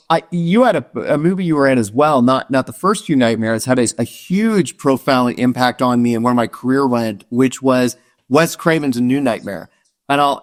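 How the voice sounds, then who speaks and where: A man hosting a podcast, asking his guest questions in casual chat, earnest and hesitant with many fillers. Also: medium pitch. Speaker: podcast host.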